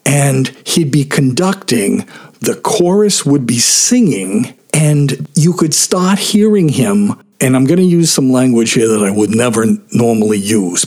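Husky older man telling stories. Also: mid-range voice. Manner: candid, conversational storytelling. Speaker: storyteller. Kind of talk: storytime vlog narration.

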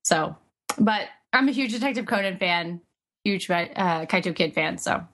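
A young woman talks in a bright, clear tone as she co-hosts a casual podcast. She rambles excitedly and often stops to restart her thoughts. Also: lowish voice, measured pace, slight background noise. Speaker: podcast co-host.

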